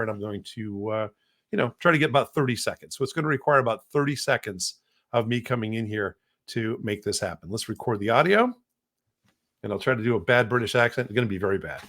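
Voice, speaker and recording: A man's voice: mid-range voice, a bit bright. Rambling man hosting a casual podcast. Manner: rambling, frequent restarts and repeated words. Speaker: podcast host.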